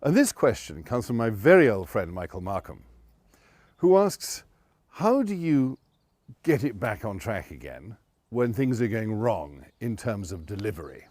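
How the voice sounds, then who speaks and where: A man's voice: fairly low pitch, moderate pace, slightly rough, no echo, clean studio sound. A man, a presentation coach giving conversational advice straight to camera. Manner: conversational, animated, with quoted asides.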